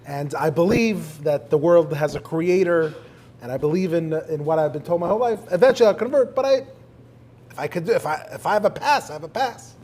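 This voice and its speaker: Animated rabbi interviewing before an audience. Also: male voice, a little high, brisk. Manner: animated storyteller, quoting prayers in Hebrew. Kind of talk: live conversation before an audience. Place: synagogue hall with an audience.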